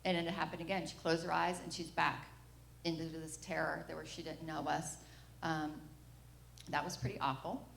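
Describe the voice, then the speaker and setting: A woman's voice: fairly low pitch, a bit bright, reverberant. A middle-aged mother giving a personal testimony at church, telling the story frankly and acting out what people said. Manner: candid storytelling, acting out the quoted lines. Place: church sanctuary.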